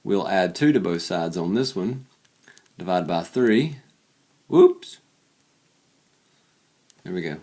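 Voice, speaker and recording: Low-voiced male teacher, weary late-night energy, chatty and self-deprecating while solving equations out loud. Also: lively intonation, moderate pace. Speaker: math teacher. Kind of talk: casual worked-example math lesson.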